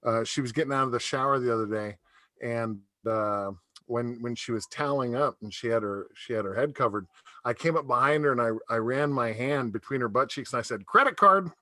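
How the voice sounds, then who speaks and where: A man's voice: mid-range voice, a little fast, bright, forceful tone, dry recording. A middle-aged man doing a stand-up comedy set over a video call, telling rambling stories and laughing at his own jokes.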